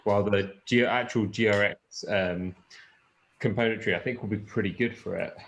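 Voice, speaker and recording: A man's voice: on the low side, steady tone, moderate pace, a bit bright, a little hiss or hum. A man hosting a casual podcast chat, rambling with fillers and swearing. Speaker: podcast host. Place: lives in the Peak District.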